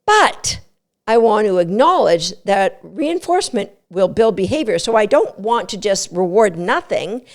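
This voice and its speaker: A middle-aged woman hosting a dog training podcast, explaining methods in an emphatic, coaching tone with quick asides. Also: mid-range voice, sing-song. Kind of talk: instructional podcast talk.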